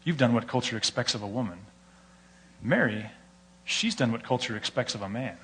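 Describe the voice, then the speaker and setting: Male pastor, American accent, mid-pitched voice, animated sermon storytelling. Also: normal speed.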